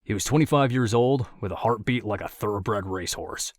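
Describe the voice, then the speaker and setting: A man reading an audiobook story in a steady, measured narration. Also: on the low side, no room sound, studio quality.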